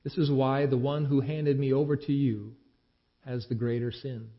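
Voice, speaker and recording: A man voicing a calm male prisoner in a measured, even way. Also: medium pitch, close to an everyday voice. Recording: dull lo-fi recording.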